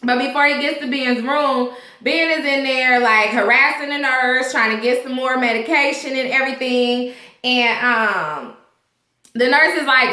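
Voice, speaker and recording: A woman chats through a TV episode recap, slangy and animated as she acts out each line. Her voice sits a bit high and sounds bright and ringing. The room around her is echoey. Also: moderate pace. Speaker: TV episode reviewer. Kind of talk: casual recap chat.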